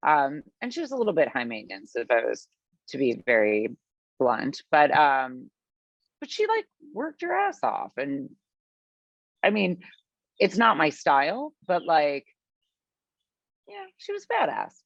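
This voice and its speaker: Woman, gravelly fry, chatty storyteller, dry lo-fi sound. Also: deep voice, measured pace, long pauses, dry recording. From US Midwest. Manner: animated, chatty, filler-heavy, acts out her own past lines. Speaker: podcast guest, business founder. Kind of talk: storytelling in conversation.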